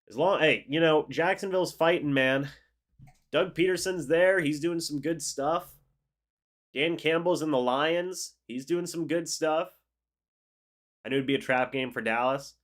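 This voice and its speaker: A man's voice: medium pitch, a bit bright. A young man with a congested voice, hosting a sports livestream in a laid-back, chatty way and reading out viewer comments. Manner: laid-back, chatty, reads out chat messages. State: congested after flu. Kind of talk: casual live chat reacting to viewer comments.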